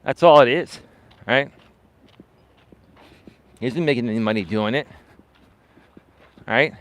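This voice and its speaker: In an unscripted live-stream monologue, a dating and life coach hosting a coaching stream speaks in a dismissive, emphatic manner, doubling words for stress and frequently asking "right?". His voice is medium-pitched and slow.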